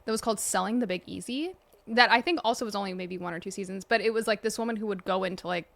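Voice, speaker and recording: A woman's voice: mid-range voice, vocal fry, fairly bright tone. A woman hosting a podcast in casual, enthusiastic chat. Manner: enthusiastic, quick, chatty. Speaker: podcast host.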